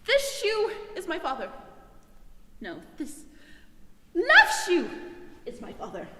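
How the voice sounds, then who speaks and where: A woman playing a comic young male servant who mourns over his dog, in an animated, mock-tragic style of amateur Shakespeare acting. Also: very high voice, slow, noisy background, heavily acted. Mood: mock-grieving. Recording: long reverberant echo.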